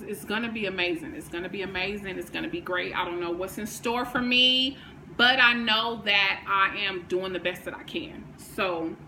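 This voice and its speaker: A woman, talking candidly on her vlog, emotional and faith-filled, swinging from hushed to fired up. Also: medium pitch, background noise. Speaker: vlogger. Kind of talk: candid personal vlog talk.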